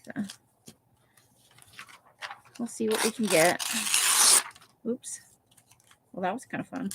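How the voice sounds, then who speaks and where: A woman's voice: mid-range voice, takes it slowly, creaky, heavy background noise. A woman hosting a live craft session, chatting casually and thinking aloud while she cuts pictures from magazines. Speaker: craft livestream host. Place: home craft room, Las Vegas.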